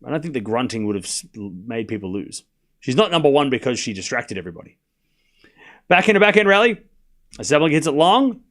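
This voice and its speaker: A man's voice: medium pitch, big pitch swings, fast talker. Chatty Australian man calling tennis. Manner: rambling and chatty, calling scores between asides. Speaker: host doing live tennis commentary. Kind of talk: casual live-stream commentary.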